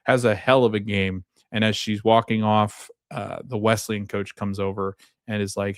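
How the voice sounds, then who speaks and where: Male podcast host, slightly low voice, dry close sound, casual recap delivery, filler-heavy and laughing. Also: flat delivery, moderate pace, no echo. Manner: chatty, many fillers, laughs often while retelling scenes.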